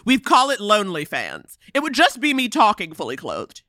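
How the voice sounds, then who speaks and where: A woman's voice: mid-range voice, normal speed, no echo, studio quality. A young woman co-hosting a podcast, chatting casually and acting out characters with lots of laughter. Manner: animated, laughing, acts out characters. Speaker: podcast co-host. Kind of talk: casual chat recapping a film. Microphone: podcast microphone.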